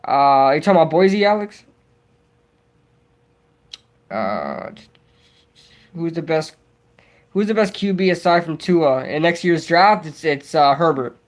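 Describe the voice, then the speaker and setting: A young man hosting a casual livestream, rambling excitably and answering viewers' chat as he goes. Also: a little high, unhurried, long pauses. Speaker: livestream host.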